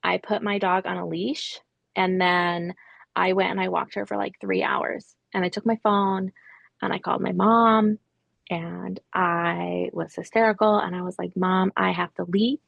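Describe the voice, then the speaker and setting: A woman's voice: lowish voice, level tone, a little slow, creaky, no echo, highs cut off. A woman in her thirties, a podcast guest, recounting a painful personal story hesitantly, with many ums and restarts, sometimes dropping to a whisper. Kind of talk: interview storytelling.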